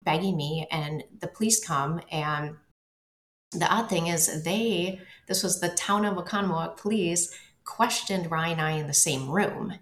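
A woman telling her own story as an interview guest, halting and repeating words as she goes. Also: on the low side, a bit bright. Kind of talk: personal storytelling. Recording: roomy echo.

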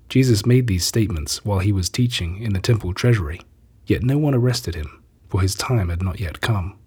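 A man narrating a scripture reading in a steady, plain delivery. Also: low voice, moderate pace, husky.

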